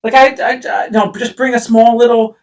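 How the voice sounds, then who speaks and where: A man co-hosting a casual podcast chat, an animated storyteller who swears, laughs and acts out quotes. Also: extremely high pitch, normal speed. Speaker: podcast co-host.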